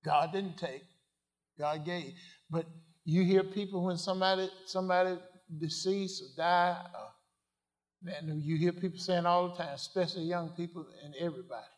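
A man preaching a sermon, asking the congregation questions and swinging from quiet asides to loud declarations. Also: high-pitched, steady tone, normal speed. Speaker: pastor.

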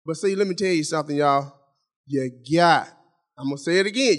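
A middle-aged man delivers a sermon in a notably high voice. He preaches in a folksy, conversational manner, speaking directly to his congregation. He repeats key phrases again and again for emphasis. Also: brisk. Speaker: pastor.

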